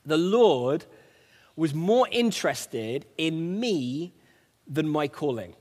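A man's voice: fairly high pitch, lively intonation, slow, a little mellow, big-room sound. A man preaching in an earnest, conversational way, telling a personal story. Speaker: preacher sharing a testimony. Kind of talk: conversational sermon.

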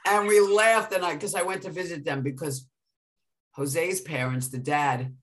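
A woman with a New York accent, co-hosting a casual podcast chat and telling stories in an animated way. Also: sits low, measured pace. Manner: animated storytelling with laughs. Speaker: podcast co-host.

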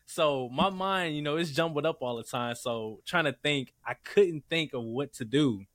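A man co-hosting a casual podcast, who rambles with excitement and uses lots of fillers. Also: a little high, moderate pace, no echo, clean studio sound. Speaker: podcast co-host. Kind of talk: casual chat.

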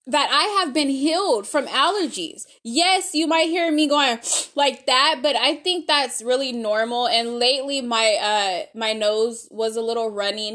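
A woman's voice: high-pitched, a bit bright. A woman giving a casual spoken testimony, rambling and faith-filled, calling her viewers y'all.

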